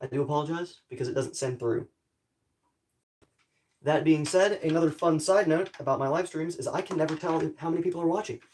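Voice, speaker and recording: A man's voice: fairly high pitch, a little fast, a little mellow, a little hiss or hum. A young man chatting casually to viewers on a live stream, rambling and apologetic, with a groggy morning voice. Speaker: livestreamer. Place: home in a rural area.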